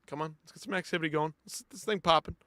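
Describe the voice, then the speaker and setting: A man hosting a live post-fight show in casual commentary, animated and chatty, swinging between loud outbursts and quiet asides as he talks to viewers. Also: fairly high pitch, very fast, no echo, clean studio sound.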